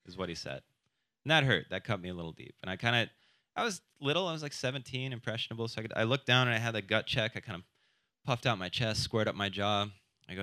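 A man's voice: lowish voice, fast talker, pushed and bright, smooth, no echo. A man doing a stand-up comedy set, crude and self-deprecating, who keeps jumping into quoted voices. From South Dakota.

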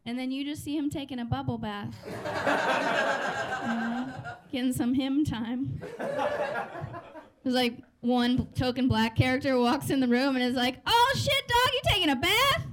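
A woman's voice: high-pitched, fairly even intonation, measured pace, long pauses. A woman in her thirties doing a stand-up comedy set in a club, chatty and sardonic, laughing through her lines. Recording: noisy live club recording.

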